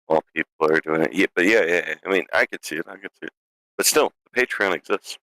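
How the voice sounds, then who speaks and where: A man chatting as a tabletop game player, joking and teasing, quick to laugh. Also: low voice, pushed and bright, dry recording. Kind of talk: casual podcast chat.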